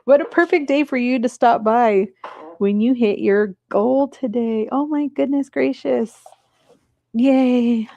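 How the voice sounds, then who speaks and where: A woman hosting a live stream from her desk, chatting casually and breaking into high excited cheers, on a clip-on mic. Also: slow, gravelly, highs cut off. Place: home desk. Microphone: clip-on mic in her shirt.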